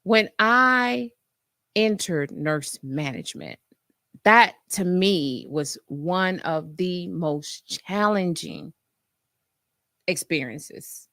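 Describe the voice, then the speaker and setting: A woman nurse hosting her own show, chatting to listeners in a lively way and acting out her own past reactions. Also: lowish voice, drawn-out words, no echo, studio quality. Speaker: nurse and podcast host. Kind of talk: casual storytelling to listeners.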